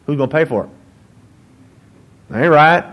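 A man's voice: on the high side, moderate pace, a bit bright, natural voice, poor audio. A man voicing a stubborn, complaining man with a put-on Southern accent, refusing to help. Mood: grumbling. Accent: mock American Southern.

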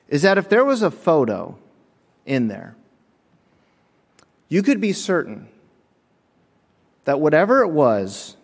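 An animated preacher with a gravelly, mid-range voice tells humorous anecdotes in his sermon, acting out voices and chuckling often. He speaks in a church sanctuary whose long reverb fills the recording.

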